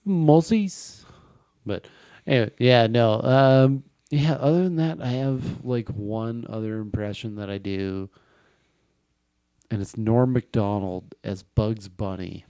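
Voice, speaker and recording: A man talking as a guest on a comedy podcast, rambling and halting as he explains his jokes. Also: lowish voice, dark tone, smooth, dry recording. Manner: rambling, halting, full of fillers. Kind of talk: casual chat.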